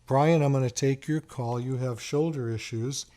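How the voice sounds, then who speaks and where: A man's voice: mid-range voice, steady tone, mellow. A middle-aged man hosting a call-in radio talk show as a doctor, chatting and telling stories in a casual way. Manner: chatty, storytelling, repeats phone number slowly.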